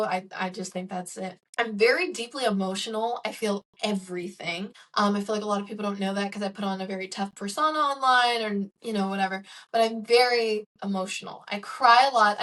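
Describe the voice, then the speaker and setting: Young woman, mid-pitched podcast host, reflective and candid solo monologue. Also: a bit bright, recorded from a distance. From Chicago. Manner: earnest and candid, many "like" and "um" fillers.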